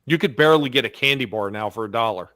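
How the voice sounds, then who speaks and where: Bright-voiced chatty man. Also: mid-range voice, fast, no echo, studio quality. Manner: nostalgic, chatty. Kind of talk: casual chat.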